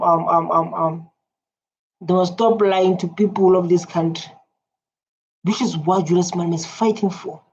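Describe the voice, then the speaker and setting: A woman's voice: lowish voice, darkish tone. Emphatic South African woman, dull lo-fi audio. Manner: repetitive, emphatic, many fillers. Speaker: reaction video host. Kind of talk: political reaction commentary. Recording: dull lo-fi with faint noise.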